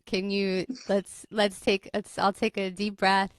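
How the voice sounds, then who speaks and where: A woman host leading a group coaching call, gently guiding and reflective. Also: medium pitch, little pitch movement, a little slow, no room sound, clean studio sound. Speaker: mentor and host.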